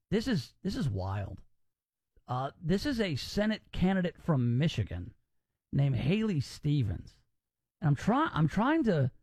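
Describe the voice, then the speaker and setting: An animated male talk radio host with a fairly high voice that moves a lot in pitch. He chats casually and wryly and stumbles over his words now and then. The sound is close and dry. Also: no room sound. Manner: animated, wry, with many restarts.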